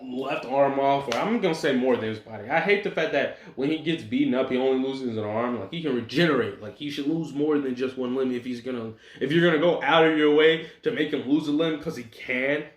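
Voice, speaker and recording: A man's voice: medium pitch, a little fast, few pauses. Slangy young man with a roomy echo. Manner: rambling, slangy, laughs at his own story, makes sound effects. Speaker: storyteller narrating an imagined fan scenario. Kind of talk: casual animated retelling with voiced quotes. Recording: roomy echoey home recording.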